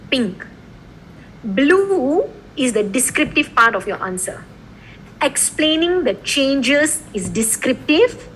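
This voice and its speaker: A woman's voice: fairly high pitch, slight background noise, low-quality recording. A woman law lecturer teaching a class, explaining an assignment and often checking in with her students. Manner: lively, repeatedly checking in with "okay?" and "right?".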